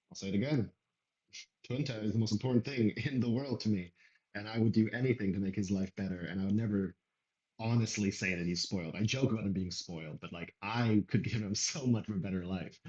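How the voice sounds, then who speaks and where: A man's voice: lowish voice, a little fast, a little mellow, lo-fi sound. A man doing casual reaction commentary, rambling and talking over the clip he is playing. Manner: rambling, conversational, talks over clips.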